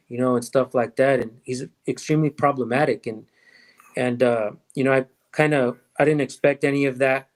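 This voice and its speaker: A man hosting a casual livestream chat, his voice sitting at an ordinary middle pitch. He talks in loose, rambling sentences and often trails off mid-thought. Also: steady tone, fairly quick. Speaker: host of a police-accountability livestream.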